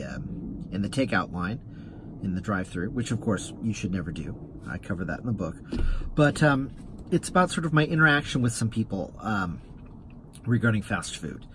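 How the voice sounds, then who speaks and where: A man's voice: lowish voice, slight background noise. A man hosting his own vlog, telling a rambling story with stammering restarts. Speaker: rideshare driver and vlog host. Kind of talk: casual anecdotal vlog monologue.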